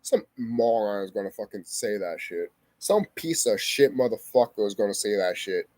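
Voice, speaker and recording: A man's voice: lowish voice, normal speed, darkish tone, dry recording. A young man vlogging a heated personal story, swearing often and repeating himself for emphasis. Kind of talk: emotional personal storytelling to camera.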